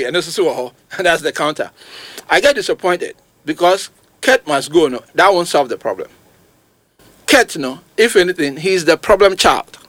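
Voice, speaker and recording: Ghanaian male pundit, emphatic and animated, slightly high voice, dry studio sound. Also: dry recording. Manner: emphatic, animated, rising to sudden high outbursts. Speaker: football pundit. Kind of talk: radio sports talk, mixing Twi and English.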